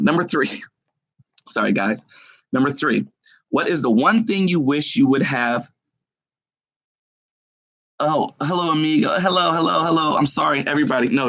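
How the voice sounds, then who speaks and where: A man's voice: mid-range voice, normal speed, creaky, a bit bright, no echo, rough recording. A middle-aged man on a casual live stream, telling personal stories in a heartfelt, emotional way.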